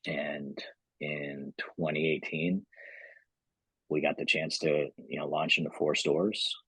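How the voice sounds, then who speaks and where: Super deep voiced guy, kinda husky, rambling thru his founder story w/ lots of you knows, dry close mic. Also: level tone, slow pace, a bit bright, no echo, low-quality recording. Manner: rambling, many "you know" fillers. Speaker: company founder, podcast guest. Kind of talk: casual storytelling interview.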